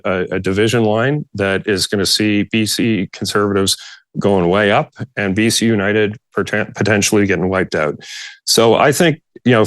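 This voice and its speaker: Low-voiced man, halting panel talk. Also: a bit bright, no room sound. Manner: halting, restarts often, laughs at himself. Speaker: political panelist. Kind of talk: casual panel chat.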